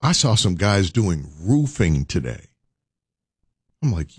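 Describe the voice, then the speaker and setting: A man's voice: sits low, big pitch swings, slow, slightly rough, no echo. A man hosting a radio show, urging listeners with preacher-like repetition. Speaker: radio host. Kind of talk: morning radio talk.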